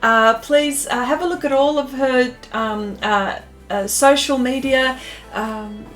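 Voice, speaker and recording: Brief: Australian woman, high voice, unhurried, bubbly live-stream host, faint music underneath. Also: fairly bright tone. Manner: bubbly, giggly greetings, chatty with many fillers. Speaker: artist hosting a live stream. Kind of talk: casual live-stream chat.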